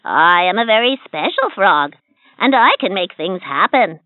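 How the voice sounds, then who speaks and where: A woman doing a croaking wishing frog. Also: medium pitch, very animated, no echo, close to an everyday voice. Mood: playful. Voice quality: croaks "ribbit" between lines. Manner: slow, teasing, storybook delivery. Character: magical talking wishing frog, friendly and sly. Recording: tinny lo-fi toy speaker.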